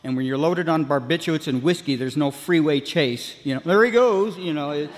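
Guy telling his recovery story at a meeting, kinda high voice, rambly with lots of "you know", big echoey hall. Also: fairly quick. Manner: acts out other people's voices. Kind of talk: personal recovery story told to a room. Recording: long hall reverb.

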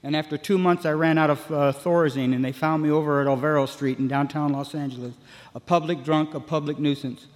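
A man's voice: fairly high pitch, fairly even intonation, brisk. A man telling his own recovery story to a meeting, rambling with lots of "you know" and restarts, and acting out the voices of people he met. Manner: acts out other people's voices. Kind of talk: personal recovery story told to a room. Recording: long hall reverb.

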